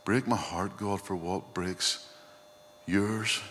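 A low, unhurried man's voice delivers an earnest sermon, weaving in scripture as he reflects. His words ring out with a long reverb, as if from a large church hall. A faint hum sits underneath. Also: steady tone, a bit bright. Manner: earnest, reflective preaching, often quoting scripture. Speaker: pastor.

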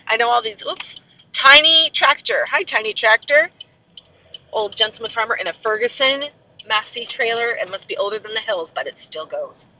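A woman's voice: on the high side, fairly quick, pushed and bright. A woman in her forties chatting casually as she drives, rambling and jumping from tangent to tangent about whatever she passes. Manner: rambling, jumps to tangents about passing sights. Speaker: podcaster. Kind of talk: casual chat while driving. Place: inside a car on a country road. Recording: dull, muffled audio from a distance.

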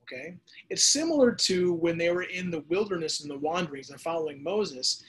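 A man preaching a sermon as pastor, lively and conversational, acting out voices and adding casual asides. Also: a little high, fairly quick. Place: church or home setting during the pandemic.

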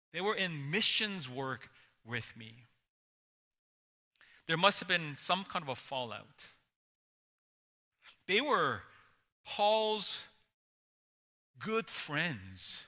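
Male pastor, sermon; bright, fairly high voice, dramatic hush-to-loud delivery, long church reverb. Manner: dramatic, swings from loud emphasis to hushed near-whisper.

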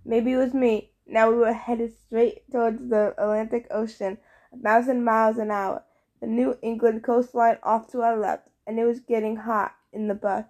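Lady reading an audiobook, lively and expressive, fairly high voice. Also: normal speed. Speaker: audiobook narrator. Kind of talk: audiobook narration in first person.

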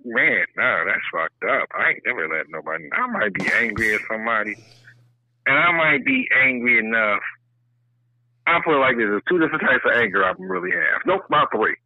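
A man's voice: medium pitch, huge pitch swings, a little fast, creaky, no echo. A man co-hosting a casual chat, talking animatedly and profanely, with a lot of emphasis. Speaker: co-host. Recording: tinny phone-like line, dry.

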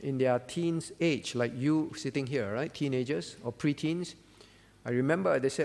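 Man, pastor, earnest sermon, gravelly voice, long hall reverb. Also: mid-range voice, moderate pace, a little mellow. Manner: earnest, repeats words for emphasis.

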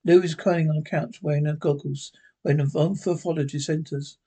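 A man's voice: a little high, fairly even intonation, normal speed, dark tone, slightly rough. A man reading a script aloud, stumbling and restarting over words. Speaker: reader.

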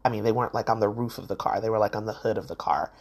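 A woman's voice: very deep voice, rapid-fire, darkish tone, breathy edge. A middle-aged woman hosting a solo podcast, telling a parenting story and acting out the voices she quotes. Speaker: podcast host.

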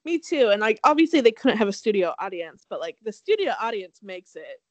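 A young woman co-hosting a casual podcast, rattling through a recap at speed. Her pitch jumps around in a lively way, and she swears without a second thought. The sound is dry and close to the mic. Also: no echo. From Southern California. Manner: fast-talking, animated, swears casually. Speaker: podcast co-host.

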